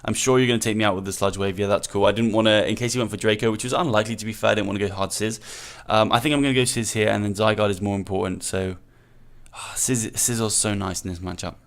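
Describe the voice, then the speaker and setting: A man's voice: lowish voice, clean tone. A man, the host of a gaming channel, commentating his own match live, thinking aloud, repeating himself and calling himself an idiot after mistakes. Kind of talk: live play-by-play commentary of a game.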